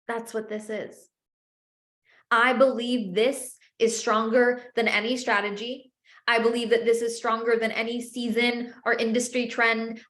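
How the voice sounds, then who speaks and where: A woman's voice: a little high, fairly bright tone, reverberant. A woman sales coach teaching a live masterclass, speaking with passion and emphatic repetition.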